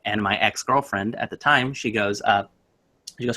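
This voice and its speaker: Young guy telling a creepy story, bright punchy voice, does little voices. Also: lowish voice, normal speed. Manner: animated, acts out voices in his story. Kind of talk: casual storytelling on a stream.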